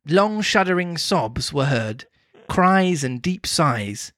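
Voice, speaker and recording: A podcast co-host, reading a storybook aloud in a measured, expressive way and chatting in between. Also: mid-range voice, no echo, studio quality.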